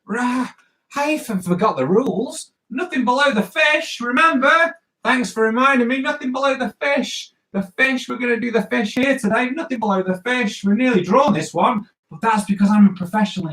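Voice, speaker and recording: Playful cartoonist drawing live. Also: male voice, sits high, fairly bright tone, poor audio. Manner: playful, jokey, chatty running commentary. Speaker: cartoonist host. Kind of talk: live drawing stream for kids.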